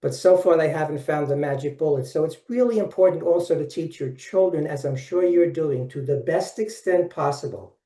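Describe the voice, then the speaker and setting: A man in his seventies with a Brooklyn accent leads a webinar in a cheerful, chatty way, speaking right to his audience. His voice sits a little high, with a soft, mellow tone. He sounds set back from the microphone, in a room that echoes. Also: normal speed, few pauses. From Brooklyn, New York. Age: 70s. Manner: folksy, upbeat, addresses listeners directly. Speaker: workshop presenter. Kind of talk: webinar presentation. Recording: distant mic in an echoey room.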